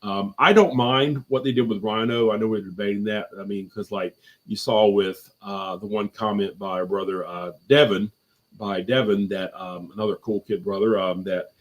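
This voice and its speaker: A man's voice: on the low side, fairly even intonation, moderate pace. A man chatting casually as a guest on a live movie review stream from home, rambling with lots of fillers and restarts.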